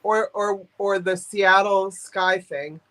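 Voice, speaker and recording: A woman hosts a live vintage sale, chatting casually and cracking jokes. She laughs often and tells stories between items. Her pitch sits in the middle range. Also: steady tone, takes it slowly, a bit bright, rough recording. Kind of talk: casual sales chat.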